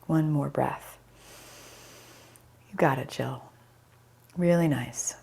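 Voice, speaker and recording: A middle-aged woman teaching a chair yoga class over a video call, giving calm guiding cues and naming students as she goes, with a slightly scratchy voice. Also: extremely low pitch, takes it slowly, vocal fry. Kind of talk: live online yoga class instruction.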